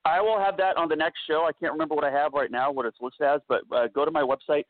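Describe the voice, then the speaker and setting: A man talks as a guest in a quick, rambling way with plenty of fillers. His voice sits at a mid pitch, and the sound is dry and squeezed into a thin phone-like band. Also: fairly even intonation, no echo. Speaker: guest personal development coach. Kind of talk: casual chat. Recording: tinny dry phone line.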